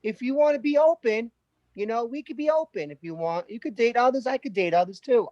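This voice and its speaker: A man's voice: extremely high pitch, a little fast, darkish tone, dry recording, dull audio. A man improvising an anxious, newly engaged boyfriend, placating and stammering over restarts on a video call. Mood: pleading. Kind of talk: improv scene.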